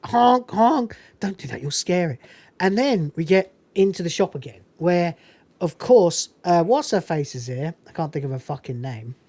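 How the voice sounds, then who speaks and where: A woman's voice: low voice, lively intonation, normal speed, mellow, dry recording. A woman hosting a podcast, chatting casually and enthusiastically about a film, swearing freely and laughing often. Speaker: podcast host reviewing a film. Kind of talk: casual chat.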